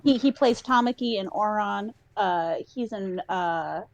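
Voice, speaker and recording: A woman's voice: medium pitch, measured pace, dry recording, dull audio. A woman playing in a tabletop game, speaking candidly in casual chat and hesitating as she starts. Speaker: player.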